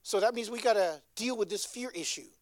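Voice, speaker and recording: A woman's voice: mid-range voice, a little fast, darkish tone, no echo, clean studio sound. A woman preaching a sermon in a conversational way, often checking in with her listeners. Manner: conversational, keeps asking "right?".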